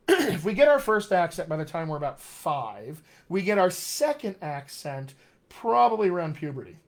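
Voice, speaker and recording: A man's voice: high-pitched, big pitch swings, normal speed. A middle-aged man, a dialect coach, teaching in a live online question-and-answer session, upbeat and encouraging as he speaks straight to his viewers.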